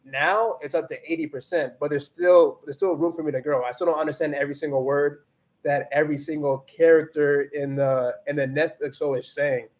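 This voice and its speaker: With a fairly high pitch and steady tone, a livestream host talks fairly quickly and loosely, restarting often. He reads the chat, laughs a lot, and moves between English and Spanish.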